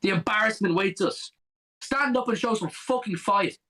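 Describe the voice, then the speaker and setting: A man's voice: high voice, normal speed, pushed and bright, low-quality recording. A young man co-hosting a live football watch-along, ranting furiously and swearing constantly at his team.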